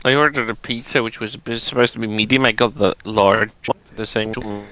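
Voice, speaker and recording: A man's voice: fairly low pitch, fairly even intonation, a little fast, pushed and bright, dry recording, low-quality recording. A man chatting as a guest on a casual live stream, easygoing and often laughing.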